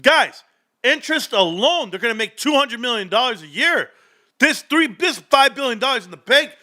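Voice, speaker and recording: A man hosting a livestream, reading through financial numbers with loud, excitable exclamations to his viewers. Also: very high voice, brisk. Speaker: stock streamer.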